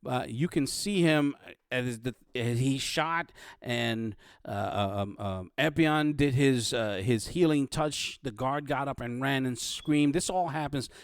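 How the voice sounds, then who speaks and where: A man running a tabletop game as game master, narrating in a halting, playful way with many restarts. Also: mid-range voice, clear, resonant tone, no room sound, clean studio sound.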